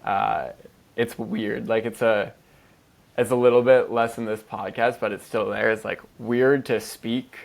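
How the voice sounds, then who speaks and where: A podcast co-host talks in a lowish, creaky voice, going a little slowly. The conversation is casual and loose, packed with swearing and heavy "like" fillers.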